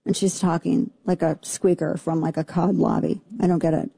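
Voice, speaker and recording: A woman's voice: lowish voice, level tone, normal speed, gravelly, mellow, breathy edge, no room sound. Indignant, sarcastic woman radio host. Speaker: radio talk show host. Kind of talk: opinionated talk radio commentary.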